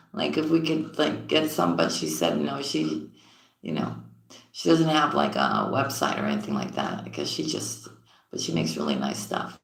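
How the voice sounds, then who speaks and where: A woman tarot reader chatting on a live stream in an unhurried, drawn-out way, with a bright, forceful tone. She greets viewers affectionately as sweetheart and sis and often trails off low and soft mid-thought. The sound is roomy and echoey. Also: gravelly. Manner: often drops low and quiet mid-sentence.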